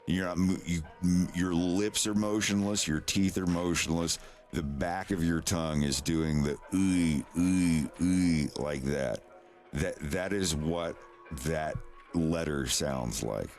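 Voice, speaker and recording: A man's voice: low voice, takes it slowly, a little mellow, soft background music. A man chatting casually on a live stream, rambling and swearing as he demonstrates mouth sounds.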